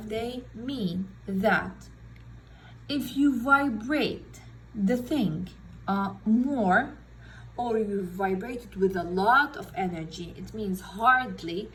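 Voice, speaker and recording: A woman teaching a recorded science lesson, explaining slowly in non-native English phrasing and often checking in with "okay?". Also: a little high, slight background noise, rough recording. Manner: slow, explanatory, repeats "okay?" to check understanding.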